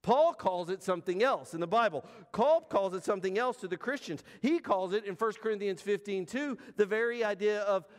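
Guy preaching a sermon, high voice, chatty with big pauses, church hall echo. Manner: conversational preaching with emphatic pauses. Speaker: pastor.

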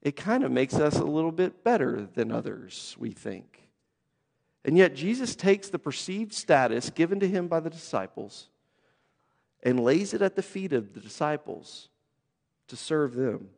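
A man's voice: medium pitch, vocal fry, long reverb tail. A man preaching a sermon as pastor, conversational, with voiced asides and quotes.

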